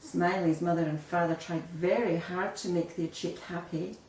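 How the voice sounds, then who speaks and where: A woman reading a children's picture book aloud in an expressive storytelling manner. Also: lowish voice, moderate pace, slight background noise. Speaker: storybook reader. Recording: echoey room, voice a bit far off.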